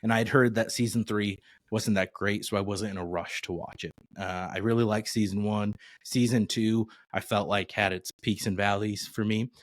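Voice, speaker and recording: Laid-back man with a low voice. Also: moderate pace, hardly any pauses, no echo. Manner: relaxed, rambling with frequent "uh" and "um". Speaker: podcast co-host. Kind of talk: casual chat.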